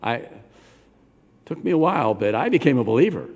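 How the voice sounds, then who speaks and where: An older man, a rabbi preaching a sermon in a synagogue, animated and talking straight to the congregation with questions. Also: medium pitch, a little fast. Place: synagogue sanctuary. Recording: long hall reverb.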